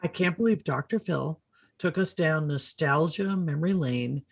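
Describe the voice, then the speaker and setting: A middle-aged woman hosting a casual panel chat, playful and quick to laugh. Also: deep voice, vocal fry, slightly rough. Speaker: host.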